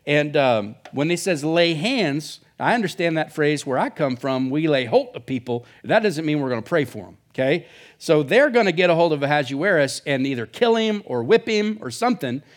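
A man's voice: fairly high pitch, sing-song, moderate pace. A male pastor preaching a sermon in a casual, joking way, full of asides. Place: church.

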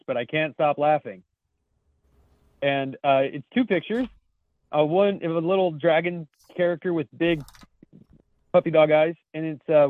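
A laid-back man co-hosting a podcast, reading out memes with swearing and laughter. His voice sits a little high for a man. It comes through a dry, narrow, phone-like recording. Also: dry recording. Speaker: podcast co-host. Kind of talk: casual chat.

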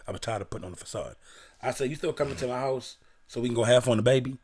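A man's voice: medium pitch, racing, a little mellow. A young man from Baltimore, a podcast co-host, casually telling a profane story and reading old messages aloud.

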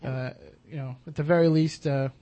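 A man's voice: on the high side, steady tone, normal speed, mellow, lo-fi sound. A man hosting a radio talk show, chatting casually with many fillers and restarts.

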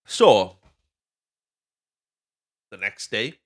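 A man's voice: fairly low pitch, very animated, very slow. A Welsh man hosting a podcast, casually recapping a movie with swearing and rambling tangents. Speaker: podcast host.

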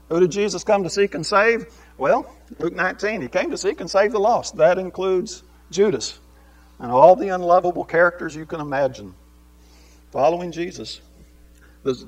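A man teaches a Bible lesson in the manner of a sermon, swinging between raised, emphatic preaching and quiet asides while putting many rhetorical questions to his listeners. His pitch is medium and the audio is poor.

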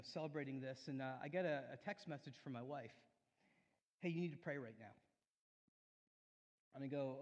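A man's voice: a little high, dull audio. Earnest male pastor in reverberant hall. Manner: earnest storytelling, swelling louder then dropping soft. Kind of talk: sermon. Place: church sanctuary.

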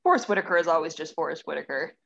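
Lower-voiced woman on a dull lo-fi mic. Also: expressive, rapid-fire, gravelly, fairly bright tone. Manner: wry, self-deprecating. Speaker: podcast co-host. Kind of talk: casual chat. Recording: slightly dull lo-fi sound.

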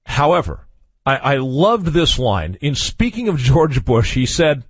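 A man's voice: mid-range voice, sing-song, measured pace, slightly rough, dry recording. A man hosting a radio talk show, chatting casually in a wry, opinionated way with chuckles and asides. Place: radio studio.

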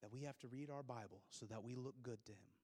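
A man's voice: mid-range voice, fast talker, dark tone. A male pastor giving a sermon to his congregation, pressing his points with rhetorical questions and dropping into plain, conversational asides. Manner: emphatic preaching full of rhetorical questions.

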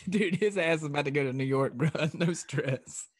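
A young man with a fairly high voice jokes and tells stories on a podcast, laughing and swearing as he goes. The recording is dry and close, with no room sound. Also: moderate pace, breathy edge, no echo. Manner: joking, laughing, storytelling, swearing. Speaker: podcast co-host. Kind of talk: casual profane chat.

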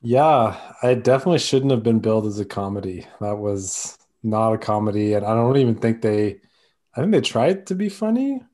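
A man co-hosting a casual movie-review podcast, talking in an animated way. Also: lowish voice, moderate pace. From Canada. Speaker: podcast co-host. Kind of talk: casual chat.

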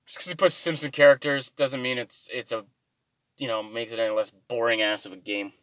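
A man's voice: fairly low pitch, normal speed, a bit bright, no echo. A man rambling through an exasperated, profane comic rant to his viewers, swearing freely as he complains. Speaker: vlogger.

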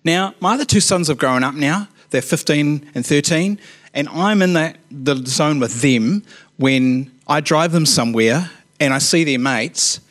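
A male preacher in his forties tells personal stories from the pulpit in a loose, joking way. His voice sits slightly higher than most men's, and he keeps slipping in playful asides about himself. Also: expressive, unhurried, a bit bright. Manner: chatty, self-mocking, playful asides.

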